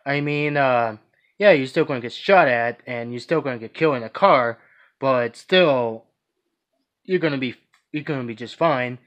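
A man's voice: medium pitch, moderate pace, a bit bright. A man vlogging casually, answering viewer questions in a rambling, hesitant way with many restarts and fillers. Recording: dull lo-fi recording.

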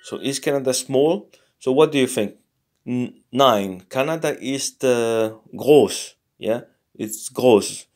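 A man teaching a casual lesson, thinking aloud in a halting way and sounding out foreign words slowly. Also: medium pitch, a little mellow. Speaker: language learner teaching a lesson. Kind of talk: casual screen-recorded lesson.

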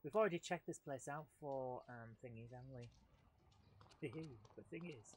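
Playful man chatting over loud game noise. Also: medium pitch, normal speed. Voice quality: playful, jokey, puts on silly voices. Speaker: let's play streamer. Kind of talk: live gameplay commentary, chatting with viewers. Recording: noisy game audio behind. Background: game sounds and gunfire.

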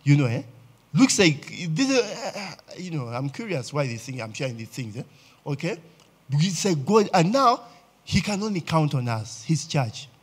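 A man preaches with a Ugandan accent, his voice a little husky and pitched on the high side. He talks to the congregation conversationally, tossing in "eh?" and "okay?" to keep them with him. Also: very animated, normal speed. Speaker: pastor. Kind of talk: sermon.

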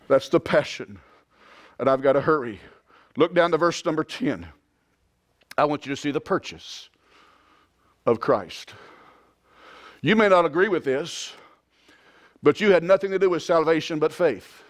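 A man preaching a sermon as pastor, swinging from quiet, drawn-out lines to loud shouted climaxes. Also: a little high, lively intonation. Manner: impassioned preaching, rising to shouts.

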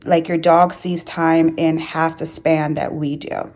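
A woman's voice: sits low, little pitch movement, takes it slowly, a little mellow, poor audio. A woman hosting her channel, speaking earnestly to camera in a casual motivational talk, with repeated phrases and rhetorical questions. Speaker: spiritual coach and channel host.

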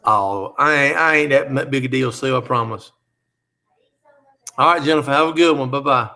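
A man's voice: mid-range voice, moderate pace, sharp tone. A man hosting a live chat, reading out viewer comments and teasing them in a joking, easygoing way.

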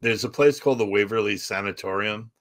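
Man with a bright, forceful low voice. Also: fairly quick. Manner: animated storyteller, acting out other people's lines. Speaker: comedian and guest. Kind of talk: storytelling in a podcast chat.

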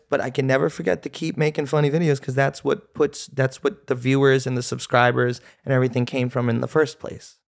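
Gravelly-voiced male comedian. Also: medium pitch, a little fast, few pauses. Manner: animated, storytelling. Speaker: comedian guest. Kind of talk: casual podcast storytelling.

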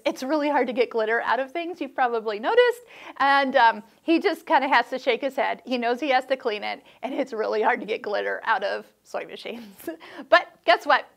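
A middle-aged woman talks through sewing machine tips in a relaxed, chatty vlog manner. Her voice sits high, and she slips in playful, reassuring asides as she goes. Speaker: sewing channel host. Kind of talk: casual instructional vlog.

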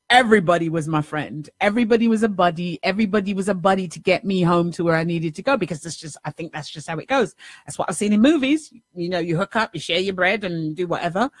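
A middle-aged woman life coach telling a personal story in a lively, repetitive way, often tossing in a rhetorical "right?". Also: on the low side, no room sound, clean studio sound. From New York City. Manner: animated, repeats herself, rhetorical "right?" asides.

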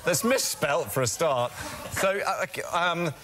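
A male breakfast TV co-presenter talks from a studio on a lapel mic, his humour dry and self-deprecating. His pitch swings widely, and a faint hiss sits under the sound. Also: expressive, slow pace, sharp tone. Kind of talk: live studio banter.

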